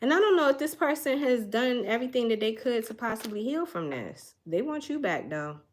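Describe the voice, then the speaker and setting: A woman's voice: a little high, big pitch swings, brisk. A woman, doing a casual tarot reading and chatting straight to her viewers in a folksy way. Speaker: tarot reader.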